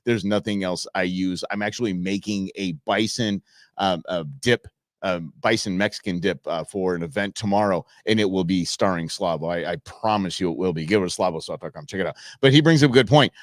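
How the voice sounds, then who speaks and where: A man's voice: low-pitched, brisk, dry recording. Rambling male host with dry sound. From United States. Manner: rambling, chuckling, with many fillers. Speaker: show host. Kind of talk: casual commentary on viral videos.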